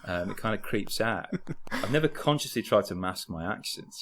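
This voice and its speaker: Brief: young Birmingham-accented man, deep voice with wide swings, casual podcast guest, hesitant restarts. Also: normal speed, slight background noise. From Birmingham, England. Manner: lively, hesitant, many restarts. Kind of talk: casual chat.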